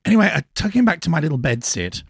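A man's voice: fairly high pitch, big pitch swings, fast talker, breathy edge, no echo, clean studio sound. A man telling a story on a casual podcast, flustered and giggly. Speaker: podcast co-host. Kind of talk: casual chat.

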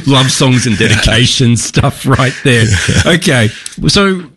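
A man's voice: medium pitch, lively intonation, slow, fairly bright tone, slightly rough. A man hosting a casual interview, chatty and encouraging with his guest. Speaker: podcast host.

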